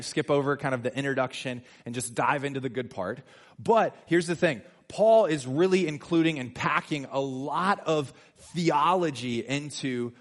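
A man preaching a sermon in a church, conversational and animated, with sudden emphatic swells. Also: medium pitch. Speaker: pastor.

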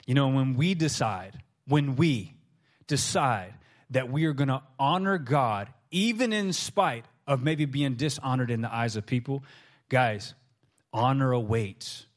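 A man preaching a sermon to his congregation, telling stories with lively acted-out quotes. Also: medium pitch, unhurried. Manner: animated storytelling, acts out quoted voices. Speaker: pastor.

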